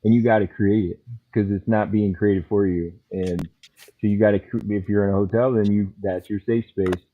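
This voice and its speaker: A man who is a trauma counselor, co-hosting a podcast and speaking in a measured, reflective way with many pauses. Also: fairly low pitch, fairly even intonation. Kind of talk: casual podcast chat. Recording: tinny phone-like line.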